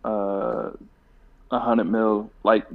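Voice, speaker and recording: A man's voice: on the low side, flat delivery, very slow. A man co-hosting a casual podcast, rambling and swearing freely as he chats. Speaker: podcast co-host. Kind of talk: casual chat. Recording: dull lo-fi sound.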